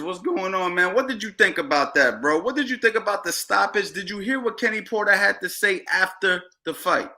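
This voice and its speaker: A man's voice: sits high, brisk, hardly any pauses. A man hosting a boxing podcast, ranting heatedly and repeating himself. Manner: animated, ranting, repeats phrases. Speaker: podcast host.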